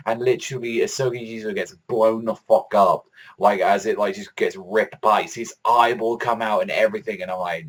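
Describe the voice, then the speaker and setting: A man's voice: on the low side, a little fast. A man giving a casual, rambling review of a manga chapter, swearing often and filling his talk with "like". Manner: rambling, profane, heavy use of "like"; excitable fan enthusiasm.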